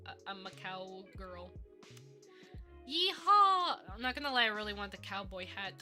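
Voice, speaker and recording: A woman's voice: mid-range voice, a little fast, sharp tone, faint music behind. A woman streaming live as a VTuber while modeling in 3D, chatting playfully with giggles and mock-villain theatrics. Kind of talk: casual live stream chat.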